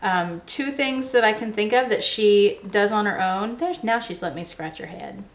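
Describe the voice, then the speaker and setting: A woman talking casually to the camera as a vlogger, relaxed and chatty, explaining things patiently with everyday examples and frequent ums. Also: medium pitch, normal speed.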